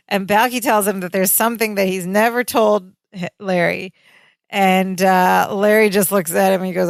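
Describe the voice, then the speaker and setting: A woman's voice: mid-range voice, normal speed, creaky, dry recording. A woman co-hosting a podcast, casually and animatedly retelling a sitcom episode and quoting its lines. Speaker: podcast co-host.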